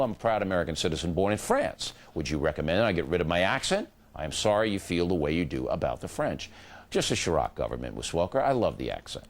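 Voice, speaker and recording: A man with a low voice and a lively, swinging pitch hosts a cable news program. He reads viewer letters on air and answers them with clipped, dry comebacks. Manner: reads letters aloud, then answers with curt dry retorts. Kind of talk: reading viewer mail on air.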